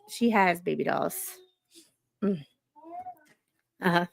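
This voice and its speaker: A woman hosting a casual late-night live stream at home, chatting with her viewers and reacting to stories, laid-back and quick to laugh. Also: lowish voice, big pitch swings, creaky, a bit bright. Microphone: streaming microphone.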